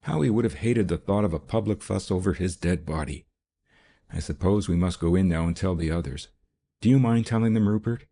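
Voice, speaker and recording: A man reading an audiobook, voicing a composed gentlewoman who speaks gently and persuasively. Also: low voice, fairly quick, gravelly. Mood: calm, persuasive. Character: composed gentlewoman, calm and firm.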